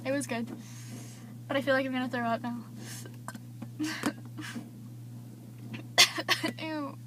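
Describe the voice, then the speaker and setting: A woman's voice: high-pitched, drawn-out words, noisy background. A teenage girl vlogging, rambling through gossip with lots of fillers. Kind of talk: casual gossip vlog.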